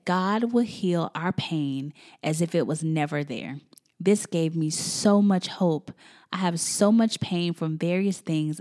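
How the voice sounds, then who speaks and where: A woman's voice: sits low, warm tone. A woman in her thirties hosting a faith and family podcast, talking in an effusive, emotional, chatty way. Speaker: podcast host.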